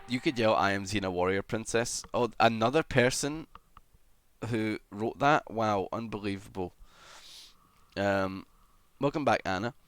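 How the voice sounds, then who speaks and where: A man streaming live, chatting casually as he reads and answers comments, with sudden excited shouts. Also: mid-range voice. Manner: chatty, greets viewers, bursts into excited shouts.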